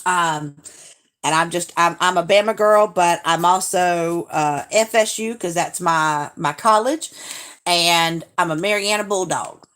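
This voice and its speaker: Slow-talking Southern woman streamer. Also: fairly low pitch, a bit bright. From Alabama, US. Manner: chatty, gushing, drawn-out Southern talk. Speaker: live stream host. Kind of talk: casual live stream chat reading viewer comments.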